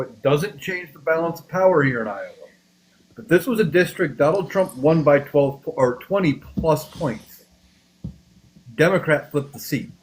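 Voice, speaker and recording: A man's voice: a little high, slight background noise, low-quality recording. A man on a live podcast panel speaking earnestly and persuasively. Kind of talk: casual live podcast talk.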